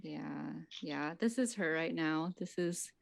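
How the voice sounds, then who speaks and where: Very slow, halting woman player. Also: low-pitched, gravelly, slight background noise. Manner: halting, searching for words. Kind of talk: casual tabletop game chat.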